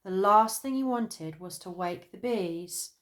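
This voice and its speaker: A woman narrating a children's storybook in an expressive storytelling manner. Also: medium pitch, slow pace, slight background noise.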